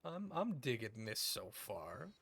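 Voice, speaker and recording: A man's voice: fairly low pitch, sing-song, slow, vocal fry, a bit bright, breathy edge. A man streaming a game, chatting casually with crude jokes and rambling asides. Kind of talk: casual gameplay commentary.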